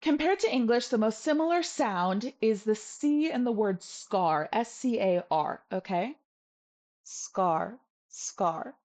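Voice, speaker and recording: A woman teaching a video language lesson, patient and playful, repeating each sound slowly so the viewer can copy it. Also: mid-range voice, a little mellow.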